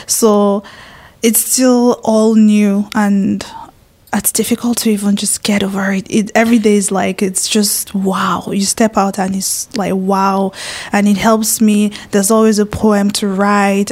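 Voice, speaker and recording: Young woman, interview guest, chatty, expressive, lots of fillers, mid pitch. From Nigeria. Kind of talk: casual interview chat.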